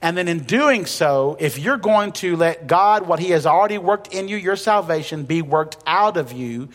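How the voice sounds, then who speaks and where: Man, pastor, sermon, conversational and emphatic, slightly high voice, reverberant church hall. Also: lively intonation, normal speed. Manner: conversational preaching with humor and emphatic repetition. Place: church sanctuary.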